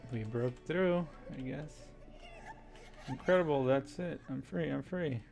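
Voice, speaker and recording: A man's voice: mid-range voice, unhurried, vocal fry, darkish tone, faint music behind. A man playing a game on stream, reading its text aloud with wry asides. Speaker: gaming streamer. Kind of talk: casual let's-play commentary.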